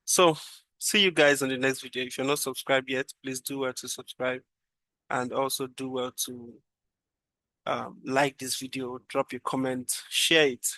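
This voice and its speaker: A man's voice: mid-range voice, little pitch movement, a little slow, sharp tone, no room sound. A man casually walking through a trading chart, thinking aloud and repeating phrases as he goes. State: yawning, drowsy. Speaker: trading analyst.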